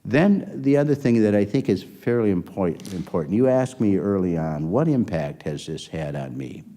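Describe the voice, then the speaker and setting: This older man, a one-time health system executive, gives a long, rambling anecdote in an interview, acting out what people said. He speaks at normal speed in a low, dark voice with lively intonation.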